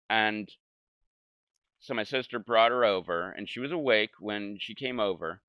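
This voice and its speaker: Man, young adult, casual profane storytelling, lower pitch, dry close sound. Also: normal speed, long pauses, clear, resonant tone, dry recording, highs cut off. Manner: rambling, profane, laughing, mimics voices in quotes. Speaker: gamer telling a story. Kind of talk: casual storytelling over gameplay.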